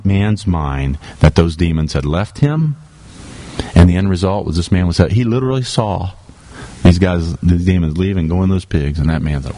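A man's voice: sits low, mellow. A man preaching a sermon in a church, talking through a scripture passage in a conversational, emphatic way with casual asides. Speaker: pastor.

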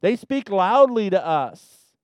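Man preaching a sermon, smooth voice, goes loud then real quiet, dry close mic. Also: high voice, very animated, takes it slowly, dry recording. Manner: preaching with wide swings from loud emphasis to quiet asides. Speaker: pastor.

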